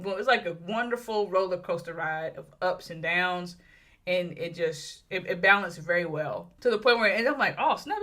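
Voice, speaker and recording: A woman's voice: fairly low pitch, bright, forceful tone. A woman talking casually and enthusiastically through a movie review, with many fillers and restarts.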